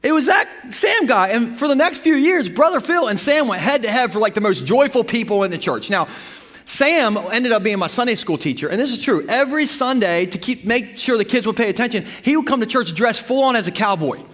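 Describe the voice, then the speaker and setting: A man preaching a sermon as pastor, animated and humorous, telling stories with bursts of emphasis. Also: very high-pitched, brisk. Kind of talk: sermon with storytelling. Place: church sanctuary. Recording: long hall reverb from the church.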